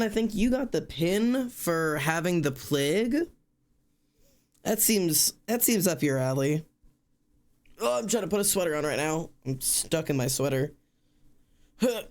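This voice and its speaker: Midwestern guy streaming at home, slightly high voice, chatty and rambly, keeps restarting. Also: smooth. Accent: Midwestern American. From American Midwest. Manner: rambling, self-correcting, chatty. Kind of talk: casual live-stream chat.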